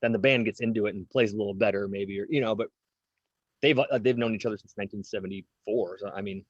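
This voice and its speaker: A man's voice: fairly low pitch, steady tone, quick pace, dry recording, muffled recording. A man in his forties, a drummer interviewed as a guest, talking casually with lots of fillers and restarts. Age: 40s. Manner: rambling, many fillers and restarts.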